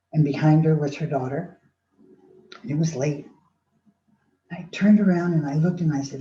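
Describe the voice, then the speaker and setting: Older woman, personal storytelling, mellow dark voice, roomy echo, dull recording. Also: low-pitched, measured pace, long pauses, slight background noise. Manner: dramatic, acts out quoted voices, swings between loud and soft.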